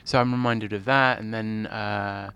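Low, flat-voiced hesitant man. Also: measured pace, a little hiss or hum. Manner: hesitant, modest, with many ums. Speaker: playwright. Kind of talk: interview conversation.

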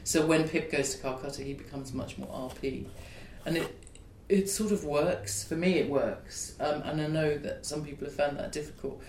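A man's voice: steady tone, moderate pace, few pauses. A man, a playwright, being interviewed, explaining his work in a reflective, discursive way. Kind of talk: conversational interview. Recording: echoey room with faint rumble.

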